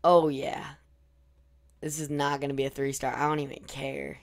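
A young man giving casual, excitable commentary over his own gameplay, hoarse from losing his voice, trailing off into mumbles and then breaking into loud cheers. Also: medium pitch, quick pace. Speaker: gaming YouTuber.

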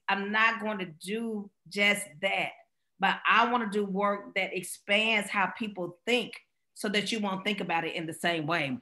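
A middle-aged woman speaker from Mississippi, answering questions after a talk and telling stories with quick laughs. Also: mid-range voice. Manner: animated storyteller, quick laughs. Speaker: guest speaker.

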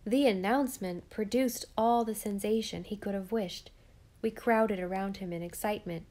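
A woman narrating a classic novel as an audiobook in a steady, measured reading. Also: mid-range voice.

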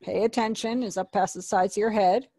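A woman's voice: medium pitch, fairly even intonation, brisk, dark tone, no room sound, clean studio sound. A woman teaching an online sign language class, patiently explaining and repeating each word.

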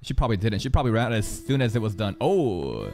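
An anime reaction streamer giving excitable, profane live commentary, talking straight at the screen. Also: medium pitch, fast talker, faint music behind.

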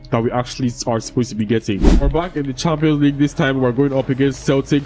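A young gaming YouTuber with a warm, mid-range voice gives casual commentary over a football video game, swearing freely and ranting when the game frustrates him. The audio quality is poor.

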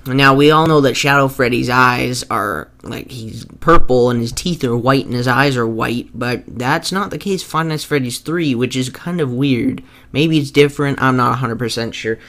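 A young man who rambles eagerly to his viewers, tripping over his words and starting his sentences over. His voice sits at an ordinary middle pitch, and his talk is loose and unscripted. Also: normal speed, few pauses, a bit bright. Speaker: gaming video creator. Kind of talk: casual talk to viewers over gameplay footage.

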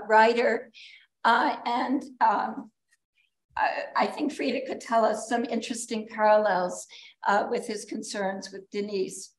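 A woman at a podium giving a formal introduction at an academic symposium, reading prepared remarks with quick asides and fillers. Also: fairly high pitch. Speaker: symposium speaker introducing a guest. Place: lecture hall. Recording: echoey lecture hall.

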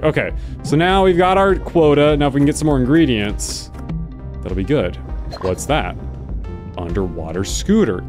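A man casually commenting on his gameplay, excitable and sarcastic, jumping between low mutters and loud yelps. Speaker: gaming video host. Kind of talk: casual let's-play commentary.

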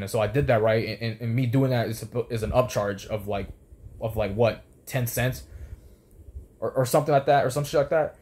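A man's voice: medium pitch, a little fast, a little mellow. A young man ranting about an old job, heated and profane, tripping over restarts as he rambles on. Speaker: former fast food worker. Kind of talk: profane storytelling rant.

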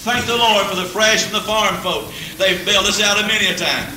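Folksy high-voiced preacher in an echoey church. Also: male voice, a little fast, bright, forceful tone. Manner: folksy, humorous, chuckles often, builds to fervent peaks. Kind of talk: folksy revival sermon. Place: church service. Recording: old echoey church tape from a distance, faint hiss.

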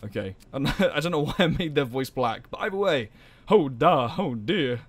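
A young man hosting a let's play, commenting in an animated, jokey way and swearing a lot. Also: on the high side, fairly quick. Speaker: gaming channel host. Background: game music.

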